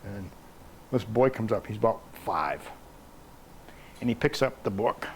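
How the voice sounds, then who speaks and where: A man's voice: fairly low pitch, animated, unhurried, a little hiss or hum. An older man with a Maine accent, an author telling folksy anecdotes to a library audience and acting out the voices in his stories. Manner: folksy anecdotal storytelling, acts out quoted voices. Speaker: author giving a library talk. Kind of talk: storytelling talk. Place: public library talk room.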